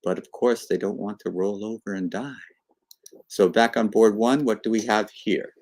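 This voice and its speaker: A man commenting live on a chess game with a lowish voice and lots of energy. He walks through the moves and voices both players' thinking as if they were chatting. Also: normal speed. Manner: animated, acts out the players as if talking.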